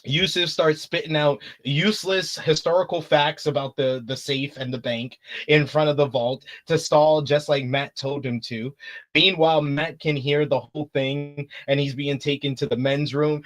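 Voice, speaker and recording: A man's voice: fairly high pitch, moderate pace, a bit bright. A man hosting a casual review show, recapping the plot in a laid-back way with frequent fillers. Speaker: host.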